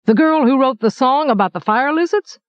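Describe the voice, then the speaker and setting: A woman's voice: high voice, lively intonation, fairly quick, dry recording, dull audio, voice pushed up. A woman doing a blunt teasing baker. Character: gruff teasing male baker journeyman, middle-aged.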